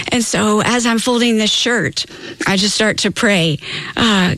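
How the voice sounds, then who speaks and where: A woman's voice: medium pitch, normal speed, fairly bright tone, no echo. A middle-aged woman, a guest author, talking earnestly and telling stories about her faith on a talk show. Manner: earnest storytelling, quotes her own prayers. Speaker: guest author of Bible studies.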